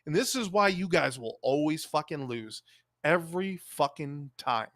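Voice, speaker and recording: Angry, profane streamer with a high voice. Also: male voice, animated, moderate pace, a bit bright, no echo. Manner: heated, profane, scolding the audience. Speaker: live streamer. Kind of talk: angry live-stream commentary rant.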